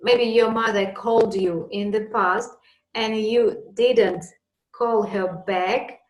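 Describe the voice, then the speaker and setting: A woman's voice: medium pitch, steady tone, slow, roomy sound, low-quality recording. A woman teaching an English lesson, patiently explaining with examples.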